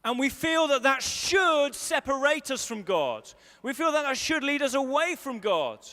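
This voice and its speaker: An English pastor preaches in a large school hall, his voice very high-pitched, bright and forceful, very animated yet at normal speed. He tells a self-deprecating story, acting out his own grumpy muttering and his wife's fussing, with long hall reverb in the recording.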